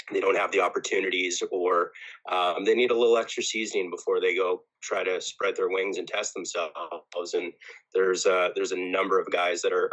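A man with a very deep, voice speaks in a steady, flat tone as a podcast guest. He is a football coach who talks earnestly and repeats words as he works out what to say. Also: rough recording. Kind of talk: casual podcast interview.

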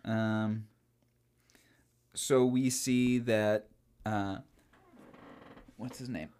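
A man's voice: lowish voice, steady tone, very slow, darkish tone, clear, resonant tone. Chatty young man co-hosting a podcast. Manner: chatty, giggly, trails off with ums. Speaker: podcast co-host. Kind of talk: casual film discussion.

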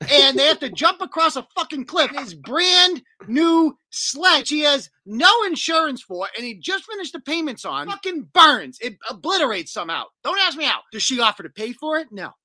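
A man's voice: very high voice, sing-song, moderate pace, bright, forceful tone, no echo. A man and show host delivering a profane, mocking comedic rant.

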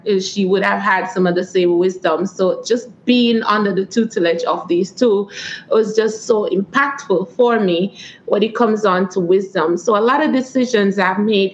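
A woman with a Jamaican accent answering interview questions as a guest author and coach, earnest and quick to laugh. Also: medium pitch, a little hiss or hum. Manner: earnest, testimonial, laughs often. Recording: echoey, dull lo-fi room sound.

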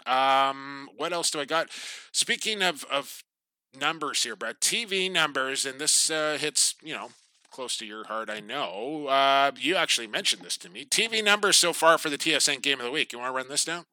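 A man's voice: mid-range voice, lively intonation, moderate pace, pushed and bright, no echo. A man hosting a casual sports podcast, chatty and upbeat, often trailing off at the ends of his thoughts. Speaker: podcast host.

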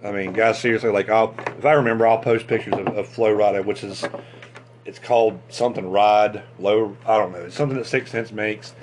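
A man hosting a fishing channel, chatting casually and excitably about tackle, with lots of restarts and fillers. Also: on the low side, brisk, a little hiss or hum.

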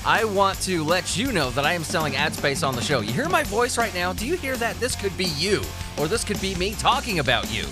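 Music plays behind a man with a high-pitched voice who talks briskly with hardly any pauses. As a podcast host he's lively and crude, joking and laughing a lot, and still coughing now and then while recovering from an illness.

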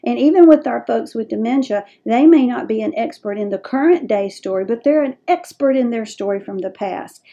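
Middle-aged Southern woman, dementia educator, mellow timbre, plain folksy delivery. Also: fairly high pitch, fairly quick, few pauses, lo-fi sound. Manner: warm, folksy, direct. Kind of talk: advice talk to caregivers.

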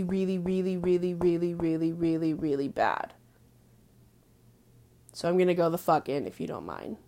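Blunt, foul-mouthed young woman venting. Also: mid-range voice. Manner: blunt, crude, heavy on "like" fillers; drops to hushed asides now and then. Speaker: vlogger. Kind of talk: casual profane venting monologue.

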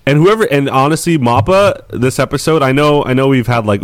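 A man's voice: medium pitch, a little fast, dry recording. A man co-hosting a casual podcast, talking enthusiastically in a rambling way with many fillers. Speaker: podcast co-host. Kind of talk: casual chat.

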